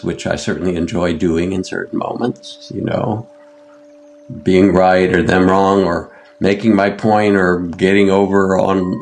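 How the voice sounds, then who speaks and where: Older american guy, meditation teacher, deep raspy-ish voice, slow gentle interview talk. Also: slight background noise. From United States. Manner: gentle, unhurried, pauses with fillers. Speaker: meditation teacher, podcast guest.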